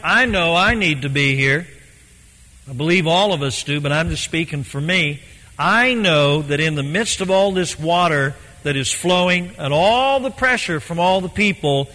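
A man preaching a sermon in an earnest, emphatic way, slowing down to stress key points. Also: on the high side, pushed and bright. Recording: long hall reverb.

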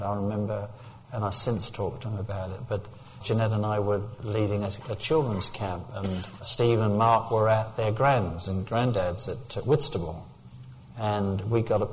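A man's voice: fairly low pitch, darkish tone, slight background noise. An older man from England preaching a sermon, telling personal stories and rising to fervent peaks.

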